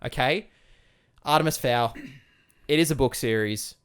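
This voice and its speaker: A man's voice: medium pitch, a little slow, fairly bright tone, smooth. A man co-hosting a casual film review podcast, trading dry, sarcastic quips. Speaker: podcast co-host.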